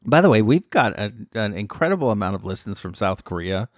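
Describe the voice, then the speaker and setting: A man's voice: fairly low pitch, sing-song, brisk, no room sound, clean studio sound. A man co-hosting a casual chat podcast, playful and teasing as he runs the segments. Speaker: podcast co-host.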